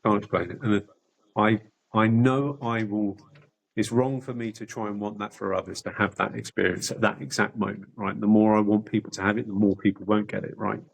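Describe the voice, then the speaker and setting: Middle-aged man, low-pitched, candid podcast guest, loose and profane, lots of restarts. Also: level tone, a little fast, gravelly, rough recording. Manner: rambling, sweary, restarts often. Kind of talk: candid personal storytelling.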